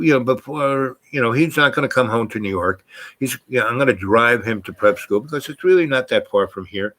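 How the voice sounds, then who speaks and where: A man's voice: mid-range voice, a bit bright, lightly acted. A man voicing an older male small-town sheriff in his own voice, reassuring and expansive.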